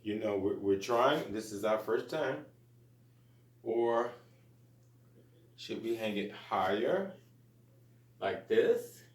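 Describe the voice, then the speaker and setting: A man's voice: lowish voice, expressive, slow pace, pauses often, echoey room. A man hosting a gardening channel, talking viewers through a hands-on project in a chatty, upbeat way and often calling them "you guys.". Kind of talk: casual how-to vlog.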